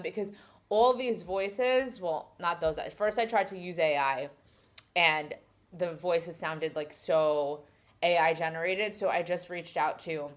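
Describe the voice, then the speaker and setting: A woman live-streaming in a casual, rambling way, laughing often and talking to her chat. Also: on the low side. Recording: music playing behind the voice.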